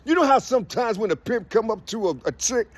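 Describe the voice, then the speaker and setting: A man's voice: very high voice, animated, a little fast. A man giving a loose spiritual monologue, preachy and slangy, with "you see" in nearly every line.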